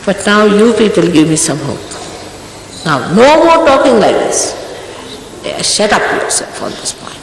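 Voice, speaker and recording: A woman's voice: mid-range voice, huge pitch swings, unhurried. A woman gives an earnest, scolding spiritual talk to her followers. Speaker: spiritual teacher. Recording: echoey hall recording, faint noise.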